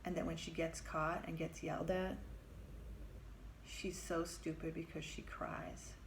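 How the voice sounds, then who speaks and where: A therapist telling a personal story in a vivid, conversational way, acting out the voices of the people in it. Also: female voice, sits low, little pitch movement, measured pace, slight background noise.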